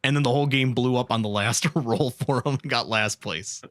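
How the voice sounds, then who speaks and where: A man's voice: mid-range voice, a little fast, dry recording, clean studio sound. A man hosting a casual podcast, rambling with many fillers. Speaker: podcast host.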